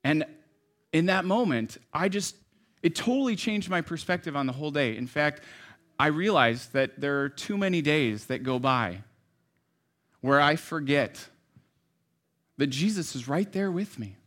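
A man preaching a sermon in a conversational, storytelling way, dropping to soft asides and rising to emphatic lines. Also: fairly high pitch. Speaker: pastor.

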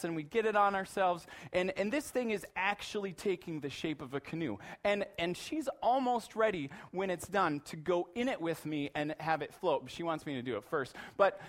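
A middle-aged man preaching a sermon in an animated, playful way, acting out little voices in his asides. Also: high voice, moderate pace, hardly any pauses. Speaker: pastor.

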